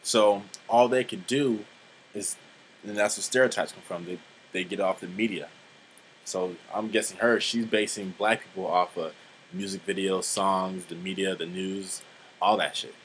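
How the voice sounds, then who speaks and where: A young man in his twenties rambles through a casual vlog monologue with a lowish voice. He talks bluntly, swears freely, and fills the gaps with "like" and "um". A faint hiss of noise sits behind him. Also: steady tone, normal speed, rough recording. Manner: rambling, blunt and profane, many fillers. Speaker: vlogger.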